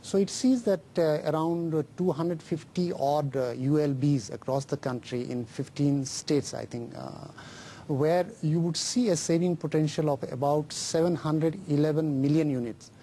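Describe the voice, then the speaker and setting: Man, official on a panel, mellow tone, halting, many fillers. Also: a little high, a little hiss or hum. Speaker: government energy official. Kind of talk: panel discussion answer.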